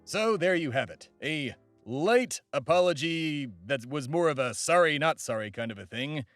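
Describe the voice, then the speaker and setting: A man's voice: fairly high pitch, expressive, moderate pace, a bit bright, faint music behind. A man hosting a comedy podcast in a pompous, boastful, crude comic persona.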